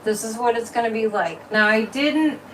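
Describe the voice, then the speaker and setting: Woman, casual livestream host, higher voice, chatty and teasing; distant mic. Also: normal speed, slight background noise. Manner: chatty, repetitive, mocking, with frequent laughs.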